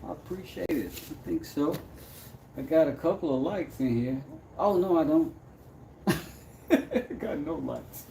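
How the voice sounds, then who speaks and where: A man's voice: fairly high pitch, animated, measured pace, vocal fry, long pauses, mellow, roomy sound, slight background noise. A man, chatting casually with viewers on a livestream, reading their comments aloud and often trailing off into mumbles. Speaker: livestream host making mallets.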